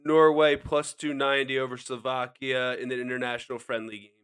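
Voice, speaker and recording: A man's voice: medium pitch, level tone, fairly quick, fairly bright tone, clear, resonant tone. A man in casual podcast banter, joking and laughing often as a co-host giving betting picks.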